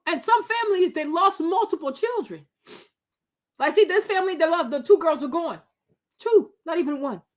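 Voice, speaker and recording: A high-pitched woman in her thirties hosts a commentary vlog. She talks in a tearful, emotional way. She repeats her lines again and again as she rants. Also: expressive, moderate pace. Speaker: vlog host.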